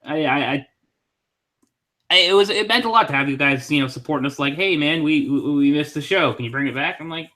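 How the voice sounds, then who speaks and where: A man's voice: on the high side, brisk, sharp tone. A man co-hosting a casual fantasy football podcast, talking in a laid-back, blunt, profane way. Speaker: podcast co-host.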